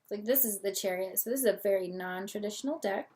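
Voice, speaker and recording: A woman's voice: medium pitch, fast talker, mellow. A young woman hosting her own tarot reading channel, talking casually with lots of fillers and little laughs while she has the hiccups. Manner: chatty, many fillers, laughs a lot. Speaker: tarot reader, channel host.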